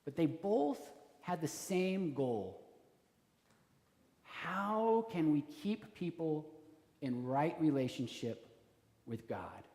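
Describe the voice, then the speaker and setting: A man delivers a sermon with an animated, chatty style, slipping into playful acted-out voices. His voice sits high and swings widely in pitch. The church around him adds a roomy, lingering echo. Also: slow pace, long pauses. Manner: animated, conversational preaching with acted-out quotes. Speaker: pastor. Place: church sanctuary.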